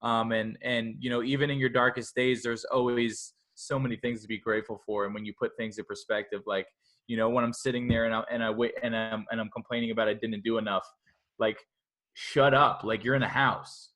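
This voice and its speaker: A man in his twenties, a podcast guest, talking in a rambling, energetic way full of "like" and quick self-talk. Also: medium pitch. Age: 20s. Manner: energetic, rambling, heavy use of "like"; self-talk in a scolding inner voice. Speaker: interview guest. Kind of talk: casual podcast conversation.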